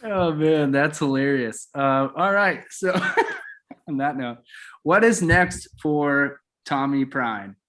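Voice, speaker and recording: A man's voice: a little high, fairly bright tone. A man hosting a podcast, asking questions in a playful, joking way. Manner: jokey, playful, quick to laugh. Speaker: podcast host. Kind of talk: casual chat.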